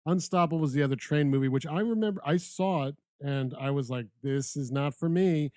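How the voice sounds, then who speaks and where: A man's voice: fairly high pitch, a little fast, a little mellow, no room sound, studio quality. A man co-hosting a comedy movie podcast, making blunt, dismissive jokes. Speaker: podcast co-host. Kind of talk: casual comedy chat.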